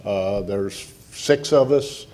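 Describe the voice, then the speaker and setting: A man in his sixties, a former player, recalling the past in a slow, measured way. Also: fairly low pitch, mellow.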